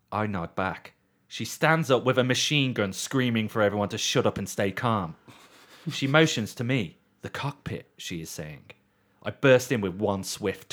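Man telling a story, lower-pitched. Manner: animated, swearing, deadpan readings. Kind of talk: casual storytelling chat.

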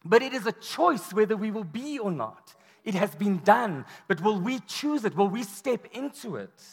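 High-voiced man preaching in a reverberant hall. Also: moderate pace, husky. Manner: animated storytelling, acts out quoted voices. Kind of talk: sermon. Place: large hall or church.

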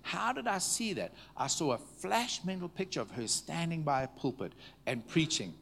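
A man preaching to a congregation, telling stories in a conversational way, checking in with the listeners and dropping to a hushed tone at tender moments. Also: fairly high pitch, sing-song, moderate pace, vocal fry, a little hiss or hum. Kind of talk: storytelling sermon. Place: church meeting before a live audience.

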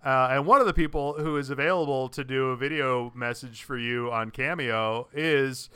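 A man's voice: mid-range voice, normal speed, bright, forceful tone, clear, resonant tone, no echo. A man co-hosting a casual podcast chat, talking in a rambling way with many restarts. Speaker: podcast co-host.

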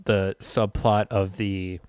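A man with a low voice chats about a film in a laid-back, easygoing way, laughing and cursing casually as he goes. The recording is dry and close. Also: flat delivery, takes it slowly, a little mellow, clean tone, no room sound. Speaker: podcast co-host. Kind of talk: casual movie review chat.

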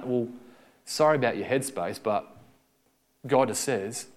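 A man's voice: medium pitch, a little slow, long pauses. A young man preaching a sermon, telling a story in a conversational way and acting out the quotes.

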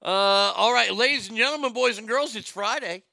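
Brief: middle-aged male host, high-pitched and gravelly, profane comic ranting. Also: moderate pace, no room sound, studio quality. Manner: loud, profane, animated, repeats himself. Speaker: show host. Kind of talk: profane comedic rant and show segment.

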